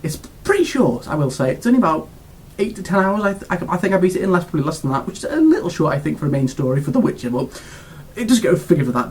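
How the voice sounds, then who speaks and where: A man's voice: on the high side, darkish tone. A British man giving a casual video game review, gushing and rambling with lots of restarts and fillers.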